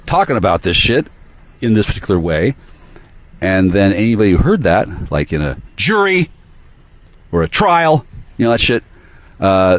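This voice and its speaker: A man rants on his own at length, cursing freely and jumping between grumbled asides and heated bursts. His voice sits low but swoops up and down with lively, restless intonation. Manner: profane, agitated ranting; swings between muttering and sudden outbursts. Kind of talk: rambling solo monologue.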